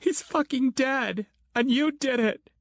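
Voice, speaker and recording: A man's voice: very high voice, takes it slowly, dry recording, studio quality, voice pushed up, full character voice. A man voicing a distraught young woman survivor, screaming and wailing as she describes a loss. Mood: furious.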